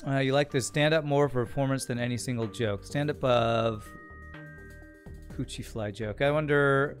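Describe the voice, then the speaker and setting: Male streamer, casual rambling game commentary, mid-pitched, faint music underneath. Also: steady tone, moderate pace. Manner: chatty, rambling, thinks aloud. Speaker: streamer playing a strategy game. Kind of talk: casual gameplay commentary, reading chat.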